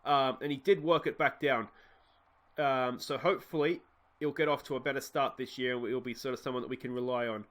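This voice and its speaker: A man's voice: mid-range voice, steady tone, a little fast, a bit bright. Chatty Australian man calling a game. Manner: chatty, wry asides to the players. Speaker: let's play host. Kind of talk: casual game commentary.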